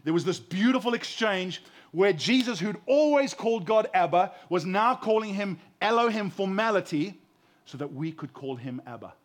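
A pastor in his forties preaches with a voice set a little higher than most men's. He moves from ringing emphasis down to soft, tender near-murmurs, often repeating a word while he gathers his point. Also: lively intonation, normal speed. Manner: impassioned, swinging from loud emphasis to hushed tenderness; repeats words when building a point. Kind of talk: sermon.

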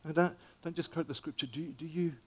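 Older pastor preaching, big volume swings. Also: male voice, a little high, a little fast, breathy edge. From Zambia. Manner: animated and conversational, with dramatic volume swings down to near whispers. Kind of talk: sermon.

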